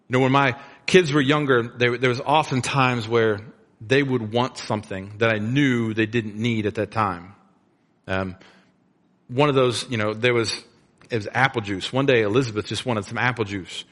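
A man's voice: medium pitch, fairly even intonation, normal speed, a bit bright. A middle-aged man preaching a sermon as a pastor, retelling the story in a casual, conversational way with plain slang. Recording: long reverb of a large room.

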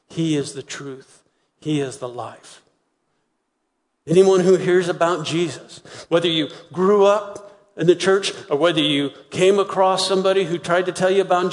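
A man preaching a sermon, retelling a story with lively acted-out voices. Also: a little high, big-room sound. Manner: animated storytelling, acting out voices. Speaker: pastor.

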